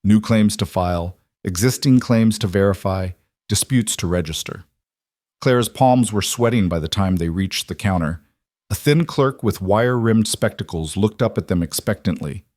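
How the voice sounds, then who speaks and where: A man giving scripted, measured narration of a western story. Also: lowish voice, a little mellow, no echo, clean studio sound.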